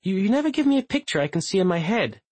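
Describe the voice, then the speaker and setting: A man's voice: big pitch swings, fast talker, darkish tone, slightly rough, dry recording, full character voice. A male audiobook narrator voicing a prickly, needy middle-aged mother in a raised, plaintive voice. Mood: reproachful. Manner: raised pitch, plaintive and reproachful. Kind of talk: audiobook character voice.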